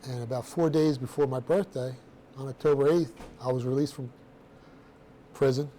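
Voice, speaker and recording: A middle-aged man telling his own story to a room of students in a blunt, streetwise, animated way, with casual slang. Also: medium pitch, moderate pace, slight background noise. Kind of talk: personal storytelling talk to students.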